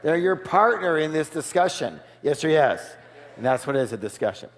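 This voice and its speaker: A man giving a live seminar talk, lively, quizzing the audience with call-and-response questions. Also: fairly high pitch, normal speed. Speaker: seminar speaker. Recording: long hall reverb.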